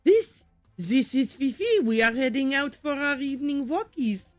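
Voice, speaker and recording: A friendly, gossipy French neighbor from a video game, played by a woman streamer putting on a voice. She talks in a hammy put-on French accent with a lively, swooping lilt. The voice sits close and dry, with faint game music behind. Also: high voice, normal speed, no room sound, voice pushed up. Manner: playful, hammy reading.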